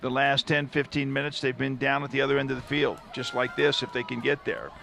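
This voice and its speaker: A man's voice: mid-range voice, flat delivery, a little fast, gravelly, pushed and bright, a little hiss or hum. A man calling a live football match from a commentary booth, chatting between plays. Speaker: play-by-play commentator. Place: stadium commentary booth with air conditioner.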